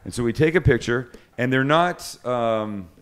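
A man's voice: medium pitch, moderate pace, fairly bright tone, smooth. A middle-aged man hosting a cooking show, telling stories in casual chat. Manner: chatty storyteller, self-deprecating.

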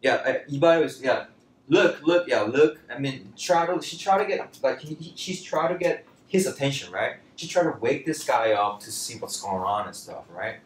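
A man teaching a casual language lesson, talking in a loose, chatty way with lots of fillers and lively bursts when he quotes phrases. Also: mid-range voice, moderate pace, hardly any pauses, recorded from a distance. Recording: roomy, from off-mic, faint background noise.

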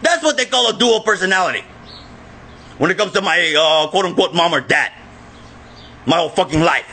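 A man filming himself in an agitated, profane rant that often breaks into shouting. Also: sits high, lively intonation, fairly quick, slightly rough. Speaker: vlogger. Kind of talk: angry self-filmed rant.

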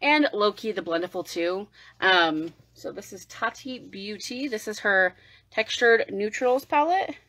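A woman vlogging a makeup unboxing livestream, gushing and excitable, sometimes dropping to a whisper. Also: mid-range voice, unhurried, dry recording, rough recording. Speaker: beauty vlogger.

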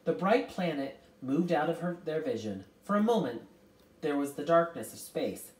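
A woman's voice: low-pitched, animated, normal speed. A woman reading a novel aloud, narrating expressively with occasional slips. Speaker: reader. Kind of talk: audiobook narration. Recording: roomy, distant mic.

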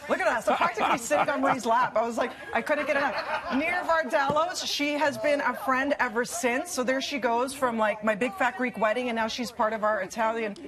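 A woman hosting a morning TV show, chatting warmly, laughing often and getting emotional. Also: sits high, fairly quick, few pauses, crowd noise. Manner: warm, laughing, chatty, gets tearful. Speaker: morning TV host. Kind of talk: emotional on-air chat. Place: TV studio.

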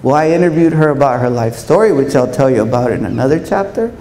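A man giving a storytelling speech to an audience of educators in a large hall, speaking in an animated way and acting out quoted voices. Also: medium pitch, fast talker. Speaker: keynote speaker. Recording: echoey hall, faint room noise.

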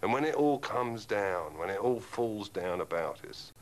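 A man's voice: on the low side, expressive, a little slow, slight background noise, low-quality recording. A man delivering an eloquent, sardonic rant as an interviewee. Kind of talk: ranting commentary.

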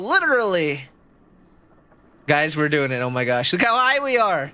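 A woman streaming a video game, chatting casually with her viewers and jumping into a high, squeaky voice when she gets excited or nervous. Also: normal speed. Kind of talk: casual gameplay commentary.

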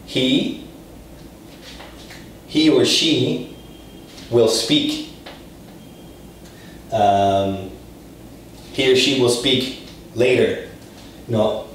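A man's voice: medium pitch, a little mellow, slight background noise. A man teaching a casual Spanish lesson, explaining loosely and informally with plenty of fillers and the odd swear word. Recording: very echoey room, distant from mic.

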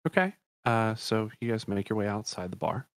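A man's voice: on the low side, moderate pace, dry recording. A man narrating a tabletop game as dungeon master, rambling and correcting himself as he describes things.

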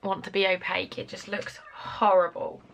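A tired British woman vlogs at home indoors, chatting casually to a camera mic as she rambles through her to-do list with quick asides. Her medium-pitched voice is creaky and fairly bright, yet her delivery is completely flat.

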